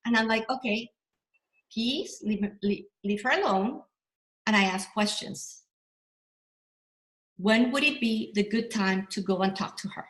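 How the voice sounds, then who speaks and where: A middle-aged woman coaching a workshop, talking in an animated, rambling way with many restarts and self-corrections. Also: mid-range voice, roomy sound, poor audio. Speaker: business coach. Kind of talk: motivational workshop talk.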